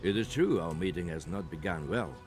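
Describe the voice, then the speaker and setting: Tight-lipped game soldier, super deep voice, formal stiff way of talking. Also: male voice, lively intonation, over music. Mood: guarded. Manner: measured, formal, stiff old-fashioned phrasing. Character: guarded middle-aged soldier, formal and secretive. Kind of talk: video game dialogue.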